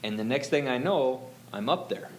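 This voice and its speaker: Male guest, mid pitch, rambling personal story, slight background hiss. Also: lively intonation, moderate pace, poor audio. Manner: rambling, many fillers and self-quotes. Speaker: guest telling his faith story. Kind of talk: casual storytelling.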